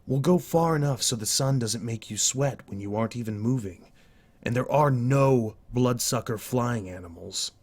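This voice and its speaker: A man's voice: mid-range voice, normal speed, close to an everyday voice. A man voicing an earnest young male hunter in a storybook reading, in a plain, earnest way.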